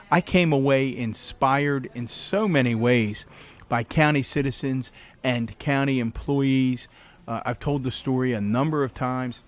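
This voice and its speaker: A middle-aged man as a podcast guest, telling animated anecdotes with frequent laughs in a cafe interview. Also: medium pitch. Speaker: podcast guest, former county executive. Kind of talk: casual interview storytelling.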